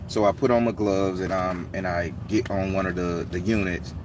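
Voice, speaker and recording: A man casually telling a story to his viewers, his voice climbing high and heated as he acts out an argument. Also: moderate pace, far from the mic, background noise. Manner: animated street-talking storyteller, rising excited and heated as he retells.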